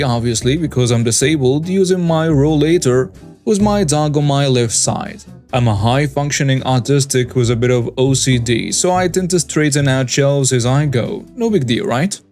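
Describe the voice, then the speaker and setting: A man narrating scripted stories for a story channel at a steady, even pace. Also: mid-range voice. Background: faint background music.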